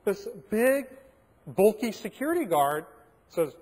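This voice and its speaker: A man in his forties giving a keynote at a hotel conference, telling animated anecdotes with plenty of fillers. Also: sits high, a little slow, husky. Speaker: keynote speaker. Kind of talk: storytelling keynote. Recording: long reverb of a large hall.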